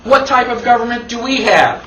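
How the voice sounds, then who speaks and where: An emphatic man with a fairly high voice teaches a classroom lecture and keeps throwing rhetorical questions at his listeners. The sound is roomy and echoey. The mic sits at some distance from him. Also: expressive, normal speed, pushed and bright, a little hiss or hum. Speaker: constitution class instructor. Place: classroom with an audience.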